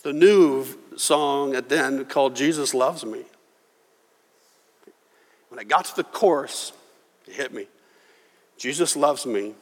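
Earnest pastor in a reverberant hall. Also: male voice, medium pitch. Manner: earnest, emotional, halting restarts. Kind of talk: sermon. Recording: long reverb of a church hall.

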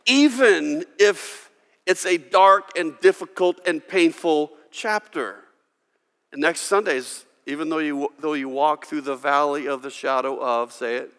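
A man preaching a sermon as pastor, swinging from loud emphasis to hushed, intimate tones and leading the congregation in reciting verses aloud. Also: on the high side, moderate pace, in a large hall. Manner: leads the congregation in call-and-response recitation.

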